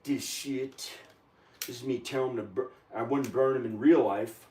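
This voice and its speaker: A man at home in his kitchen, rambling in an agitated, meandering monologue with frequent pauses and fillers. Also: medium pitch, mellow, a little hiss or hum. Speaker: video maker. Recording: echoey room, camera far from the mouth.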